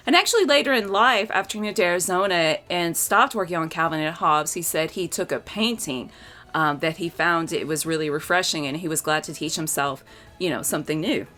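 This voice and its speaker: A woman in her forties talks through a book in a casual, chatty review. She is openly emotional about what she reads, and her pitch swings freely. Faint music plays behind her. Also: animated, normal speed, pushed and bright.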